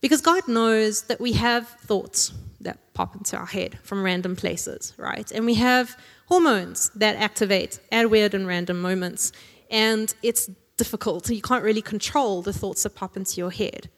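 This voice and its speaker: A woman delivers a sermon conversationally, frequently adding tag questions and tossing in jokey asides with laughter. Her medium-pitched voice keeps a moderate pace with few pauses, and the recording has long hall reverb.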